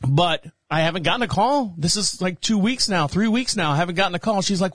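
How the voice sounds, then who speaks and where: A middle-aged man hosting a radio show, telling a personal story in a casual, animated way, laughing and acting out other people's voices. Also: sits high, a little fast, hardly any pauses, no echo.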